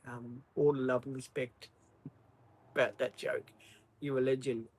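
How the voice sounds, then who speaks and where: Australian man, husky voice, casual livestream chat, rambling and apologetic, lots of ums. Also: medium pitch, little pitch movement, measured pace, darkish tone, poor audio. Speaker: livestream host. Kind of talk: casual live-stream chat.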